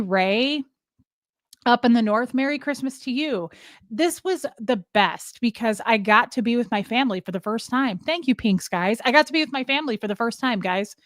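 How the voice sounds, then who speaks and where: This livestream host, a woman with a voice on the high side, chats casually with her viewers, greeting them by name as she rambles across topics. The sound is dry and clean, like a studio.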